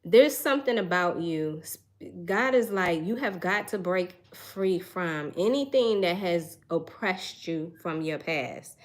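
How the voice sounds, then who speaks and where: A woman's voice: on the low side, expressive, measured pace. A young woman reads tarot cards for her viewers in a musing, searching way. She sighs often and restarts her sentences as she looks for the right words. Her tone stays earnest and emotional. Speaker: tarot reader. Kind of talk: intuitive tarot reading.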